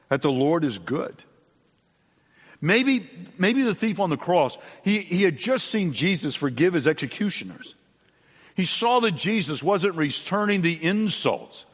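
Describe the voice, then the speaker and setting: A man preaching a sermon, repeating his main points and often clearing his throat. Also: on the high side. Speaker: pastor. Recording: dull sound with long hall reverb.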